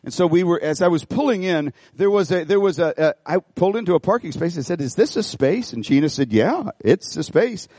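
Middle-aged man, pastor preaching, folksy storytelling, lively swooping pitch, dry close sound. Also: fast talker, hardly any pauses, dry recording. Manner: animated, folksy, repeats phrases. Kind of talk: sermon with storytelling. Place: church auditorium.

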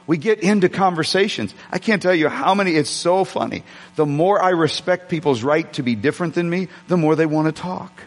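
A man's voice: on the high side, animated, a little fast, big-room sound. A man preaching a sermon, telling a personal story conversationally with frequent restarts. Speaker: pastor.

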